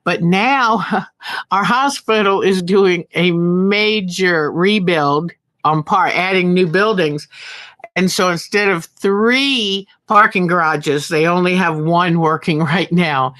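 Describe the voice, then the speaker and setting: A woman's voice: lowish voice, takes it slowly, fairly bright tone, no echo. An older woman hosting a quilting channel, talking to her viewers in a chatty, earnest and encouraging way and laughing often. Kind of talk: heartfelt casual talk to viewers.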